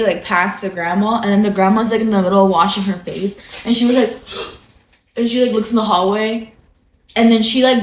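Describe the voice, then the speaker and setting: A young woman from California who just woke up, chatting casually on a phone livestream, rambling with lots of fillers and swearing freely. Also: medium pitch. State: just woken up. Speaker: livestream host. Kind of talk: casual morning livestream chat.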